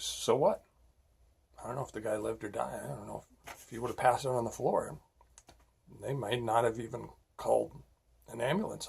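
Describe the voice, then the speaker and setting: Gravelly, husky-voiced man lecturing emphatically. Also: medium pitch, a little mellow. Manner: emphatic, repeatedly asks "all right?"; blunt and scolding when making a point. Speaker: safety instructor, former police officer. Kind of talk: lecturing talk with personal stories.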